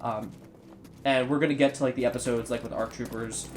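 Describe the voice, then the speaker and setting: A man's voice: medium pitch, fairly even intonation, fairly quick, faint music behind. A man co-hosting a gameplay video while sick, rambling through casual commentary with lots of ums. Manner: rambling, many ums and restarts. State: sick and sweating. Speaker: co-host of a gameplay channel. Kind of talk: casual let's-play chat.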